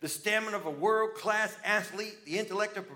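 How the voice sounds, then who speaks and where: A man preaching a sermon, animated and lively, dropping to quiet asides to his congregation. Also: high-pitched, fairly quick. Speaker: pastor.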